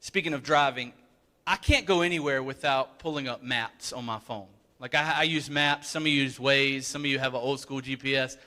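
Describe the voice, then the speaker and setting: A man's voice: sits high, pushed and bright. A man pastor delivering a sermon in a church, talking earnestly and conversationally, often repeating words for emphasis. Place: church sanctuary. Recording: reverberant church hall.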